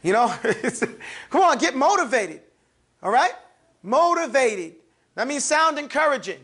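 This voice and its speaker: In a live classroom with students, an Arabic reading teacher speaks in a high, fairly bright voice with big pitch swings at normal speed. Emphatic and teasing, she stresses each letter sound and calls out letters for the class to repeat.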